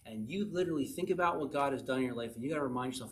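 A man's voice: medium pitch, rapid-fire. A man preaching a sermon in a conversational way, often asking the listeners questions.

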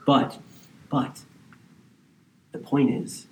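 Male pastor preaching a sermon, conversational delivery with hushed near-whisper moments, set back from the mic with a faint hiss underneath. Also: medium pitch, moderate pace, long pauses, roomy sound, far from the mic, low-quality recording.

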